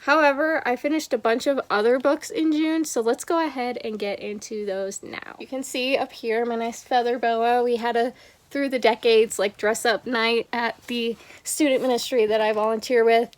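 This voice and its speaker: A young woman talking through her month of reading in a casual home vlog, chatty and expressive, reading short passages aloud softly. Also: fairly high pitch, normal speed. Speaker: book vlogger.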